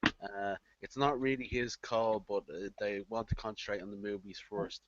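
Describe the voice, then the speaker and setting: A man co-hosting a casual film podcast, halting and repeating his words and laughing easily. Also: on the low side, background noise. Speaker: podcast co-host. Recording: dull dry lo-fi podcast mic.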